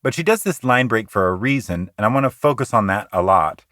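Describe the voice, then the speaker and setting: A man hosting a poetry podcast, explaining meter in an earnest, conversational teaching manner that shifts between quick asides and slow, deliberate reading. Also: fairly low pitch, lively intonation, fairly bright tone, no echo, studio quality. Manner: earnest, explanatory, slows down to recite lines rhythmically.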